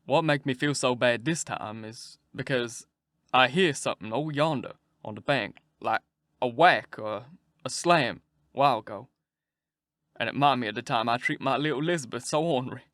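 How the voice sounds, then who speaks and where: A man reading aloud, voicing a grieving father who tells his story in a slow rural dialect. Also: mid-range voice, a bit bright, dry recording, clean studio sound, natural voice. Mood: mournful. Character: grieving adult man, a plain-spoken father.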